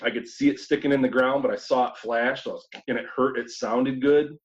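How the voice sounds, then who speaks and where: A man from New York State, a guest telling a hunting story in a casual, animated way, acting out his own thoughts. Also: mid-range voice, brisk. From New York State, USA. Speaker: guest hunter. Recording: slightly dull lo-fi audio.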